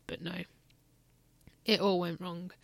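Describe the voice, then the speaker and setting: A woman's voice: lowish voice, level tone, takes it slowly, gravelly, dry recording. A woman and mother telling a candid, reflective personal story in a casual parenting vlog.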